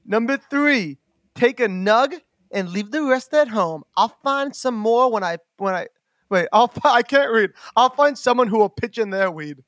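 A young podcast co-host with an extremely high, lively voice chats casually at a moderate pace, rambling, giggling and using lots of fillers. His tone is fairly bright, and the recording is dry with clean studio sound.

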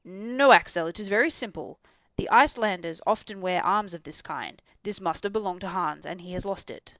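A woman voicing a loud, lecturing old professor. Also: fairly low pitch, moderate pace, no echo. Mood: insistent. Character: excitable elderly male professor, learned and commanding. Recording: dull, dry recording.

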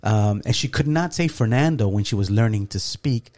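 Middle-aged man, lively co-host storyteller, warm low-bright tone, casual podcast. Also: moderate pace. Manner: animated, acts out quoted dialogue, laughs often.

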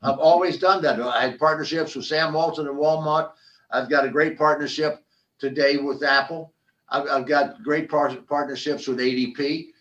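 Older man telling animated stories, slightly distant. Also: on the high side, moderate pace, muffled recording. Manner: animated storyteller, frequent restarts and repetitions. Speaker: podcast guest, former football player and business founder. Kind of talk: conversational interview storytelling.

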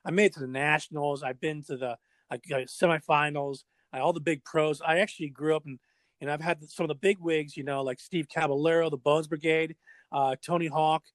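A man's voice: a little high, fairly quick, dry recording. A middle-aged man, a drummer and former pro skateboarder, telling stories in a casual interview and acting out voices and sound effects. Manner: animated storyteller, acts out voices and sound effects.

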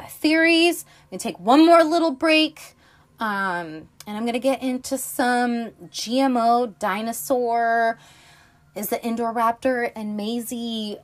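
Foul-mouthed, animated woman recapping films. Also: fairly high pitch. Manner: profane, animated storytelling; rambling, self-interrupting. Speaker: podcast host. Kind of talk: casual film recap.

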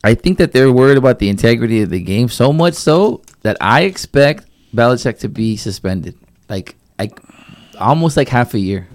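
A man's voice: mid-range voice, lively intonation, normal speed, no echo, studio quality. A man co-hosting a podcast, giving loose sports opinions, swearing and laughing. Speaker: podcast co-host. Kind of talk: casual sports chat.

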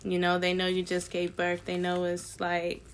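A woman giving a casual tarot reading to her viewers, chatty and slangy with excited asides. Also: lowish voice, moderate pace, a little hiss or hum. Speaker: tarot reader.

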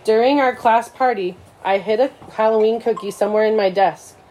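A woman's voice: fairly high pitch, a little fast, a little mellow, a little hiss or hum, lightly acted, rough recording. A woman voicing a goofy schoolboy who is crazy about snacks and argues earnestly. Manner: silly, then earnest.

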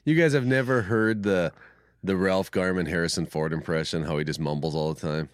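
A man co-hosting a casual tech podcast, talking in an animated, jokey way and dropping into quick voice impressions. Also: sits low, no room sound, clean studio sound. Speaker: podcast co-host. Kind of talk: casual chat.

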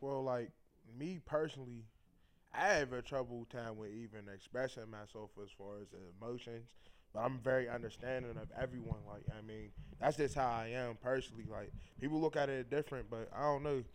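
A man's voice: mid-range voice, fairly even intonation, fairly quick, a little hiss or hum. A man in a casual podcast chat, hesitant and searching for his words.

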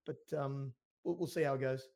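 A man's voice: mid-range voice, steady tone, normal speed, gravelly, darkish tone. A man co-hosting a casual podcast, talking loosely and heatedly, peppered with "mate" and "man". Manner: fired-up, loose talk full of "mate" and "man".

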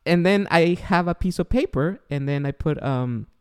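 A man's voice: on the high side, moderate pace, a little mellow, clear, resonant tone. A man hosting a podcast, asking curious questions and joking loosely, with the odd swear word. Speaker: podcast host. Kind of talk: casual podcast chat.

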